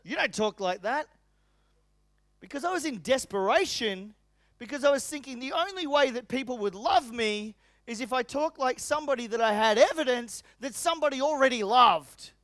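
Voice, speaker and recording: A man with an Australian accent giving an energetic, emphatic motivational seminar talk as a business coach, repeating his key phrases. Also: very high voice, fairly quick, no room sound, clean studio sound. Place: seminar room with tables.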